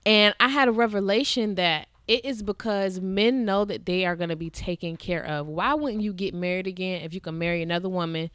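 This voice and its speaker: A woman's voice: lowish voice, a bit bright, clean tone, dry recording. A young woman co-hosting a podcast in casual, outspoken chat. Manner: outspoken, quick to tease and laugh along. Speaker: podcast co-host.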